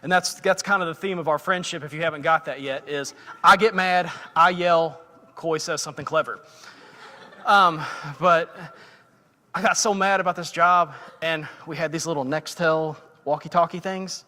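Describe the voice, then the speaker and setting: A man's voice: a little high, steady tone, moderate pace, pushed and bright. Chatty man preaching in a reverberant church. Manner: conversational, self-deprecating, many fillers. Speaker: lay preacher. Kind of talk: casual sermon storytelling. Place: church sanctuary. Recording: church livestream with long hall reverb.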